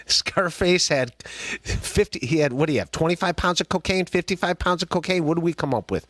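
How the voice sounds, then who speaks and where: A man's voice: on the high side, moderate pace, fairly bright tone, no room sound. Rambling, joking man hosting a podcast. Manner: rambling, joking, lots of restarts and laughs. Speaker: podcast host. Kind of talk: casual livestream commentary.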